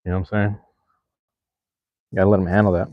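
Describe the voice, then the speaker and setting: Young man, low-pitched, laid-back and slangy, casual stream chat, dry close sound, a bit dull and lo-fi. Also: little pitch movement, quick pace, dry recording. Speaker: livestream host. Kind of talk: casual live chat with viewers.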